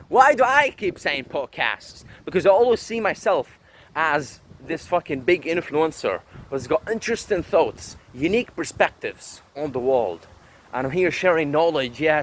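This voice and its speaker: A man records himself on a phone while walking along a street, ranting in a brash, profane, boastful way. His voice sits slightly high and swings widely in pitch. Faint traffic noise hums in the background. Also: rough recording. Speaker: vlogger. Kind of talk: walking vlog rant.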